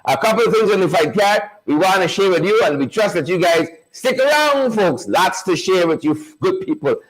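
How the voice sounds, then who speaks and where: A high-voiced man runs a live online show. He repeats himself to build energy and greets viewers one by one in a loose, hyped-up chatting style. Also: lively intonation, fairly quick, poor audio. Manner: repetitive, hype-building, calls out viewers by name.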